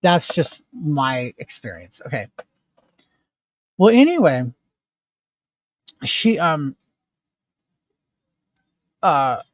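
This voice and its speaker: Brief: middle-aged man with a high, bright voice, animated and indignant storytelling, dry close sound. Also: extremely slow, long pauses, no room sound. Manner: animated, indignant retelling with rising emphasis. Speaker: vlogger. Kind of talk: casual storytelling while doing makeup.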